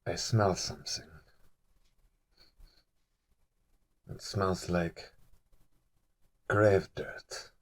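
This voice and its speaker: A haughty noblewoman in a tabletop game, cold and commanding, as a man plays her. She talks low and quiet, in clipped, imperious lines that turn menacing. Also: animated, normal speed, lightly acted.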